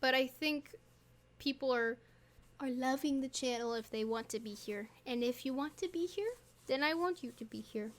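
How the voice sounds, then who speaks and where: A woman's voice: sits high, normal speed, fairly bright tone. A young woman chatting casually while showing a tutorial, playful and rambling with little asides. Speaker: YouTuber.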